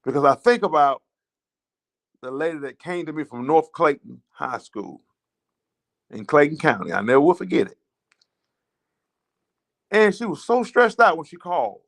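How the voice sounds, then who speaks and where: Impassioned Southern man, higher voice. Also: big pitch swings, normal speed, creaky, pauses often, a bit bright. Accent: Southern American. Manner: emotional, repetitive storytelling with rising indignation. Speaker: teachers' association advocate hosting a show. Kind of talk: impassioned spoken monologue.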